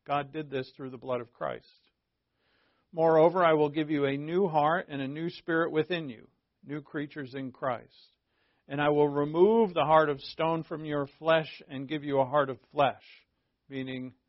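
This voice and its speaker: A man preaching a conversational sermon, animated, chuckling often and acting out little back-and-forth dialogues. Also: fairly high pitch, no echo. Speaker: pastor. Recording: dull, slightly lo-fi dry recording.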